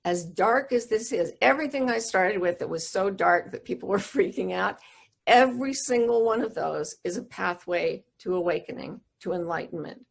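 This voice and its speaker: A woman's voice: mid-range voice, gravelly. A middle-aged woman giving an earnest, intimate storytelling talk over a video call. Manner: earnest, intimate storyteller who slows down for emotional moments. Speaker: wisdom teacher giving a talk.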